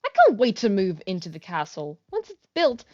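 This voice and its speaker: A woman's voice: mid-range voice, huge pitch swings, normal speed, mellow, muffled recording. A woman who is not a native English speaker, streaming a game in a rambling, self-mocking way and swearing casually.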